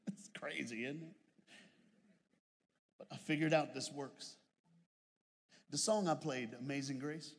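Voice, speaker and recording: A man preaching a sermon, building from plain storytelling into shouted, drawn-out fervor, with humorous asides. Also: medium pitch. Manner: humorous storytelling with put-on voices. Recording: long hall reverb.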